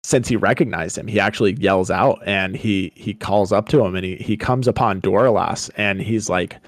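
A young man from Colorado, co-hosting a podcast, casually retelling a story and paraphrasing the characters in quick asides. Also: lowish voice, no echo, clean studio sound. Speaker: podcast co-host.

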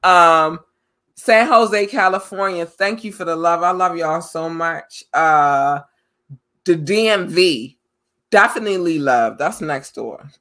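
A podcast host giving casual, effusive shout-outs to listeners, with a grateful, slangy way of talking. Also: medium pitch, takes it slowly.

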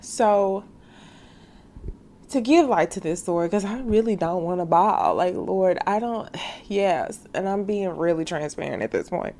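A woman's voice: medium pitch, animated, measured pace, mellow. Young woman, faith podcast host, earnest and casual direct address. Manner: earnest, heartfelt, calls listeners sis; casual slangy speech.

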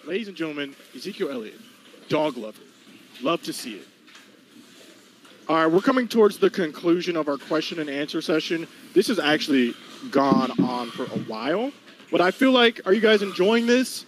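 A man's voice: on the high side, lively intonation, normal speed, a little hiss or hum, low-quality recording. A man hosting a live-stream interview, hyped and talking straight to the chat. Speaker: host.

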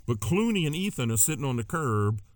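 Middle-aged guy hosting radio, tells stories all animated, voice goes up and down a lot. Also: mid-range voice, fairly quick, no room sound, studio quality. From Louisiana. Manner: animated raconteur, slips into quoted voices. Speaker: radio host. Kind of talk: casual storytelling chat.

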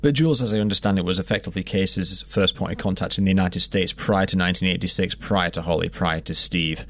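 Low-voiced man narrating a documentary. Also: fast, a bit bright. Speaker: podcast host and narrator.

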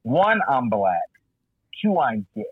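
Animated profane man telling a story. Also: medium pitch, takes it slowly, breathy edge, no room sound, phone-quality sound. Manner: animated, profane, acts out quoted voices. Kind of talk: casual storytelling chat.

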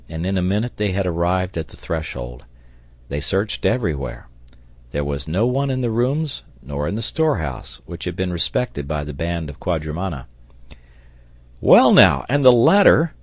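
A man narrating an audiobook in a steady, even storytelling manner on a close mic. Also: low-pitched, moderate pace, no echo. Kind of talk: scripted narration.

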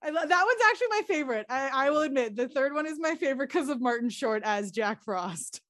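A woman's voice: sits high, lively intonation, quick pace, fairly bright tone, no echo, studio quality. A woman in a casual chat with friends, giggly and agreeable.

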